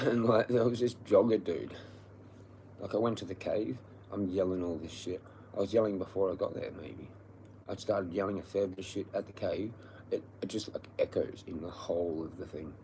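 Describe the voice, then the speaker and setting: Australian male streamer, lowish voice, hoarse, profane aggressive ranting. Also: steady tone, moderate pace, mellow, a little hiss or hum. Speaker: livestreamer. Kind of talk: livestream rant.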